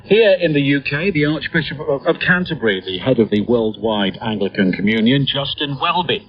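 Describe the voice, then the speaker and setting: A man presenting radio news in a measured, formal way. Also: medium pitch. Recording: muffled shortwave radio broadcast.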